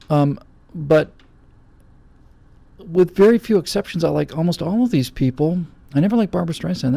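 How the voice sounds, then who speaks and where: A man's voice: on the high side, gravelly, dark tone, no echo. A middle-aged man hosting a show, giving emphatic, blunt opinions in answer to viewer questions and acting out quoted voices. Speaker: host.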